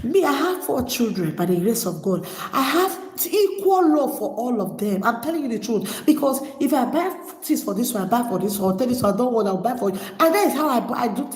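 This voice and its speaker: A middle-aged woman with a fairly high voice tells her own life story, emotional and close to tears at times. She is recorded in an echoey room where a long reverb trails each phrase. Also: expressive, brisk, hardly any pauses, a little mellow. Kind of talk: personal storytelling monologue.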